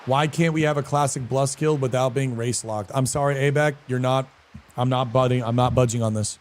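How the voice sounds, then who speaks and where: A man live-streaming a game, chatting casually with viewers in a slangy, animated way and answering chat messages. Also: mid-range voice, fairly quick. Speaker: streamer and guild leader.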